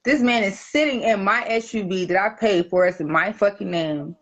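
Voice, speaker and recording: A woman telling a personal story in casual podcast chat, profane and animated. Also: medium pitch, normal speed. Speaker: guest.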